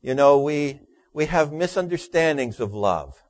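A man preaching a sermon, telling jokes in a dry storytelling way and dropping his voice low for the punchlines. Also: animated, a little slow, a little mellow, no echo. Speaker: pastor.

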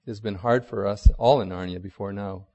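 A man reading a grave, gentle great lion. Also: lowish voice, big-room sound. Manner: calm, gentle, measured.

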